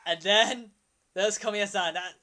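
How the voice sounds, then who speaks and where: Young male streamer, 20s, bright rambling excitable delivery, casual commentary. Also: sits high, measured pace, a little hiss or hum.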